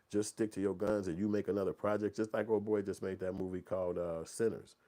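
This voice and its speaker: A man from in his forties, talks in a loose, profanity-heavy ramble. His voice sits very low and has a soft, mellow tone. He runs his casual commentary as an animated street story. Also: brisk, few pauses. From Chicago. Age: 40s. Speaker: movie channel host.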